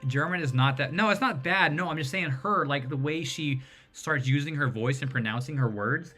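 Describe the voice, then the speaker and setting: A man's voice: on the high side, moderate pace, soft background music. Rambling chatty man on a stream. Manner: rambling, animated storyteller who mimics voices. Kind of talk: casual livestream chat.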